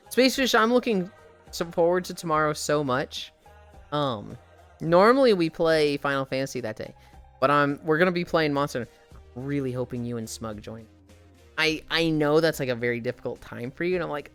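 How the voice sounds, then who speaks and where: A woman streamer chatting casually while walking on a treadmill, telling animated, profane stories and sounding tired. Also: sits low, moderate pace, faint music behind.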